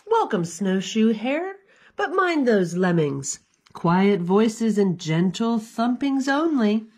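Woman reading as a kind big male muskox, storybook, soft patient rule-setting, lively melody, slow unhurried delivery. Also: a little high. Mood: welcoming. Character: gentle, polite big male muskox host.

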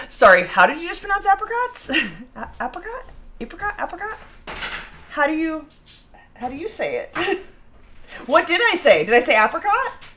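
A woman's voice: high voice, big pitch swings, normal speed, fairly bright tone. A woman hosting a casual home baking live stream, chatting and reading out viewer comments. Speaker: baking show host. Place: home kitchen.

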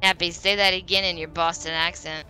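A woman's voice: on the low side, level tone, a little fast, sharp tone, clean tone, soft background music. A woman chatting and teasing her friends during online play, giggling often. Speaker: gamer on a group stream.

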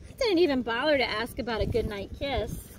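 A woman reading a picture book aloud in a lively, expressive storytelling manner, outdoors by a lakefront. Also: a little high, a little fast. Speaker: storybook reader. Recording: noisy outdoor recording.

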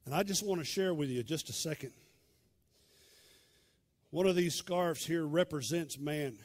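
A male pastor, preaching a sermon in a dramatic storytelling way that swings from loud to hushed. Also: a little high, unhurried.

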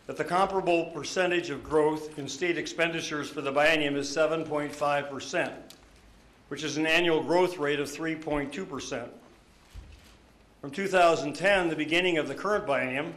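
A man giving a prepared budget statement at a news conference, measured and deliberate, stressing key words. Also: on the high side, a bit bright, reverberant. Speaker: governor.

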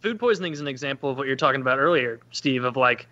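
A man's voice: medium pitch, expressive, very fast, muffled recording, background noise. A man co-hosting a podcast, trading crude, mocking banter in casual chat. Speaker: podcast co-host.

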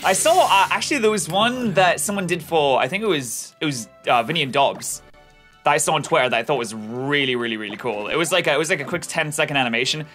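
A bright, lively young man chatting through a game session, his pitch jumping around as he reacts. He talks fast and loose, swears casually, and gets excited easily, with faint game music underneath. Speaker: co-host of a gaming video. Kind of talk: casual chat over gameplay.

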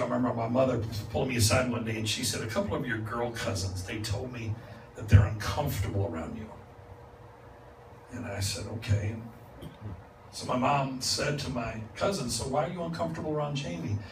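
Expressive, with vocal fry and a mid-range voice at normal speed, a male guest preacher tells stories in his sermon, acting out dialogue and laughing conversationally. The church sanctuary sounds roomy and echoey, recorded from far off with background noise.

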